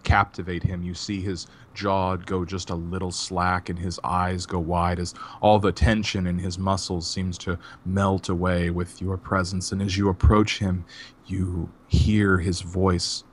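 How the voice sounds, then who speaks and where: A man's voice: sits low, level tone, measured pace, slight background noise. A man narrating as game master in a tabletop game, with a descriptive, sensual style.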